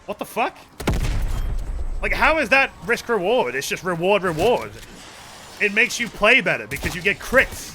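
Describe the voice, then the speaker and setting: A man's voice: high voice, very animated, normal speed, long pauses, noisy background. A man chatting casually to his viewers while playing a game, telling rambling stories and swearing a lot. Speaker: game streamer. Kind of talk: casual live-stream chat while gaming.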